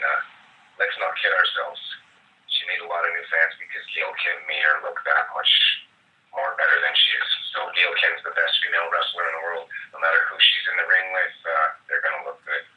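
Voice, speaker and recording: A man's voice: low voice, roomy sound, far from the mic, dull audio. A man giving opinionated, rambling answers in a casual podcast interview, with many uhs. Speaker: podcast guest.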